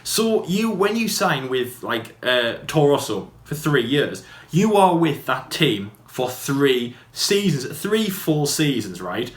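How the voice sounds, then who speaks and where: A man co-hosting a podcast, chatting casually in a quick, rambling way full of fillers and restarts. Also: a little high, sing-song. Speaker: podcast co-host. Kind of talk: casual debate chat. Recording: echoey room.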